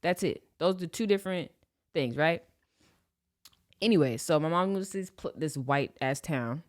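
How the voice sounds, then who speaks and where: A woman in her late twenties from Los Angeles, telling a personal story on a podcast in a slangy, animated way and acting out the scenes. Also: deep voice, moderate pace. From Los Angeles, USA. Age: 20s. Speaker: podcast host. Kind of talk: casual storytelling.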